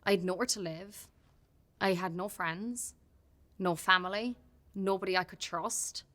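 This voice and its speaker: Irish woman, bright clear voice, open heartfelt talk, restarts sentences, podcast guest. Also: mid-range voice, steady tone, unhurried. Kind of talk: candid casual chat.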